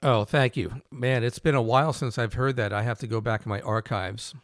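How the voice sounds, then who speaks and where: A male host chats easily with a guest and sets up questions with long introductions. His voice sits at a middle pitch, and the recording is dry and close. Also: steady tone, brisk, dry recording. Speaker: host, saxophonist. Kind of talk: casual interview chat.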